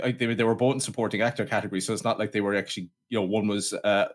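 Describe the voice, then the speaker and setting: A man co-hosting a casual film podcast, sardonic and quick to swear. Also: on the low side. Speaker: podcast co-host.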